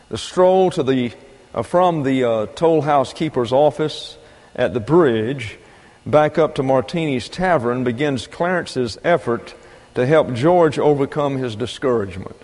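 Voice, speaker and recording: A male storyteller retells a film scene, moving through it with an animated, lively delivery and a middle pitch. A long reverb hangs after each phrase. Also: a little slow.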